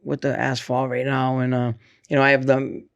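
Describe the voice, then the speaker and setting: A man's voice: mid-range voice, monotone, moderate pace, gravelly, clean tone, dry recording, muffled recording. A man, a guest on a podcast, who laughs often and answers in short agreeing bursts. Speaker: guest, former boxer. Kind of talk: casual interview.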